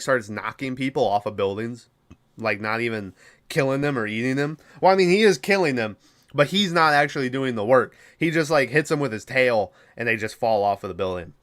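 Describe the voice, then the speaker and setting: A podcast host casually recapping a film, swearing a lot and rambling. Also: male voice, medium pitch, fairly bright tone. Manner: profane, rambling, laughing.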